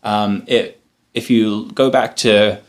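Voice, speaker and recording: A lower-voiced man from New Zealand who speaks. He talks as a guest on a casual podcast, running long stretches of thought and swearing without a second thought. His pitch jumps up and down a lot. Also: takes it slowly. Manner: animated and expressive, swears freely, talks in long run-on stretches. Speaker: podcast guest, filmmaker and musician. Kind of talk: casual chat.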